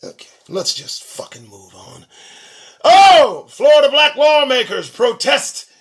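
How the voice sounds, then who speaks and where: A man's voice: very high-pitched, very animated, measured pace, fairly bright tone. A man hosting his own show, reading news headlines and ranting about them in a profane, sarcastic way. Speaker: show host. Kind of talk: solo commentary on news headlines.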